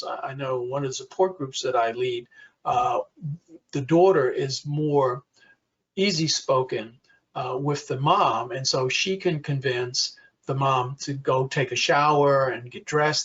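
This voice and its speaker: A man's voice: a little high, a bit bright, lo-fi sound. A man giving a conversational webinar presentation for caregivers, with frequent fillers.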